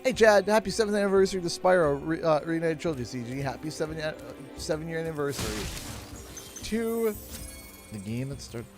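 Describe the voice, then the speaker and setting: A man's voice: fairly high pitch, animated, a little fast. Rambling, chuckling man streaming from home. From Canada. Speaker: gaming streamer. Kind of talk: casual livestream chat. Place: home office. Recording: game music playing behind.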